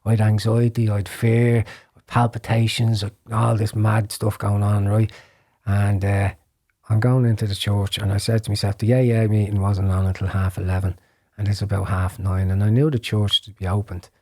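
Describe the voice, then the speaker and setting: An Irish man telling his personal testimony in a podcast interview, earnest, with repeated words and restarts, sometimes dropping to a hushed whisper. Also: fairly low pitch, little pitch movement, normal speed. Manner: earnest storytelling, drops to a hushed whisper when recalling prayers.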